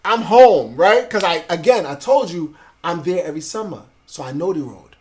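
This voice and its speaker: A man's voice: fairly high pitch, fairly quick. A man, telling his life story as a guest in a casual interview, swearing freely and acting out other people's voices. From Brooklyn, New York. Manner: animated storyteller, acts out voices of family and police; swears freely, street slang.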